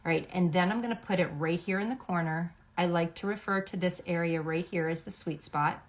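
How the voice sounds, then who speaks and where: A woman's voice: lowish voice, fairly quick. A middle-aged woman, a makeup artist, explaining a makeup routine step by step in a chatty, instructive way, often checking in with "okay?". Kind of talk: makeup tutorial.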